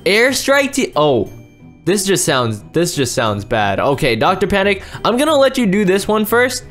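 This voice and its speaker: A young man giving excited gameplay commentary, jumping between calm talk and loud shouting and laughter. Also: high voice, normal speed, soft background music. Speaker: gaming YouTuber.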